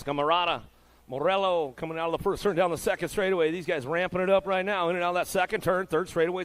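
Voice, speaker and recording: A man's voice: fairly high pitch, a bit bright. A man announcing a race with live play-by-play commentary, in a hyped, laid-back patter full of slang.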